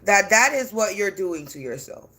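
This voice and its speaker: A woman's voice: mid-range voice, big pitch swings, moderate pace, pushed and bright. A woman ranting defiantly on a livestream from her home as a spiritual reader, cursing bluntly. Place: at home indoors.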